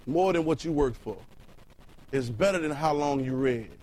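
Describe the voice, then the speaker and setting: A man's voice: fairly high pitch, animated, moderate pace, dark tone, rough recording. A man preaching in an everyday, conversational register, with a voice that sits slightly above the usual male range. He circles back over his own words as he builds each point and keeps tossing questions out to the room. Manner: colloquial, fires rhetorical questions at the room. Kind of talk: sermon with Bible reading.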